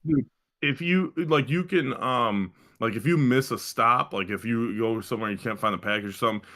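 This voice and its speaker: A man's voice: mid-range voice, moderate pace, bright, forceful tone. A young man co-hosting a casual podcast, telling rambling stories full of swearing and fillers. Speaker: podcast co-host. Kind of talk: casual chat.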